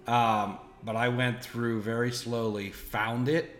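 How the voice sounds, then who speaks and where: A man's voice: medium pitch, little pitch movement, slow, fairly bright tone. A man hosting a podcast, telling rambling stories in a playful, teasing way. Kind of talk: casual chat. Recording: roomy echo.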